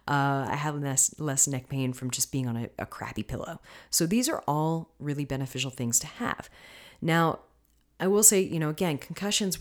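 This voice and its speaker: Low-voiced chatty woman podcast host. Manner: chatty, coaching, often checks in with listeners. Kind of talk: casual solo podcast talk.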